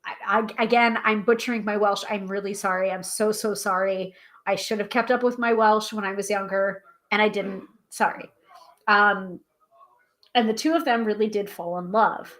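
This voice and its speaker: A woman hosting a live tarot stream, chatting casually and reading aloud from a guidebook, self-deprecating and a little halting over hard names. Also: medium pitch, fairly even intonation, a bit bright. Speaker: tarot reader and livestream host.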